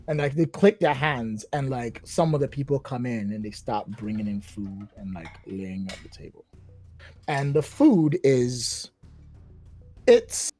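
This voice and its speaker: A man's voice: mid-range voice, expressive, measured pace, dark tone, soft background music. A man running a tabletop game, chatty and self-mocking. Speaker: game master.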